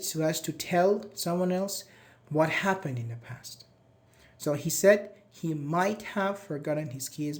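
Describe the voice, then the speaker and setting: A man's voice: fairly high pitch, darkish tone. A male teacher, leading a live online class in a chatty, encouraging way, praising students by name and asking them questions. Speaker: English teacher.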